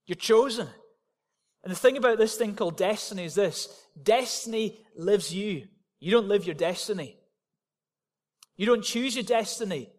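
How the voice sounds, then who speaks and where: A pastor preaching a sermon in church, with emphatic, repetitive declarations. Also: male voice, high voice, normal speed, in a large hall. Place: church hall.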